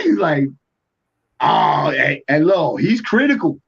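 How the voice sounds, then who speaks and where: Atlanta producer dude rambling on a podcast, kinda husky, slightly high voice, lots of "like". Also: male voice, big pitch swings, measured pace, a bit bright. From Atlanta, USA. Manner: rambling, full of restarts and "like". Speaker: music producer, guest. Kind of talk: casual storytelling interview. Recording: dull lo-fi podcast audio.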